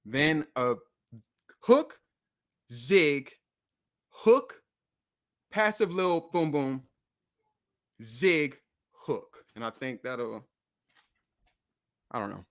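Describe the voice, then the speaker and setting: A man's voice: medium pitch, lively intonation, takes it slowly, pauses often, fairly bright tone. A man hosting a casual music livestream, talking in a loose, rambling way with swearing and frequent self-corrections. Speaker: streaming show host and rapper.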